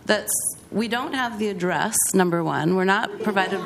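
A woman's voice: medium pitch, normal speed, vocal fry, a crowd in the background. A woman city commissioner speaking firmly and sternly at a public hearing. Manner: firm, stern. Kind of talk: official hearing remarks.

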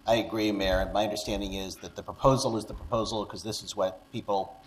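Low-voiced commissioner with faint ambience. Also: male voice, steady tone, fast talker, a little hiss or hum, rough recording. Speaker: city council commissioner.

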